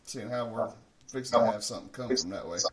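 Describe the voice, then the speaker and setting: A man's voice: mid-range voice, fast, recorded from a distance. A man hosting a morning show in casual, profane chat, laughing often at his own jokes. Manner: swears freely, laughs often at himself.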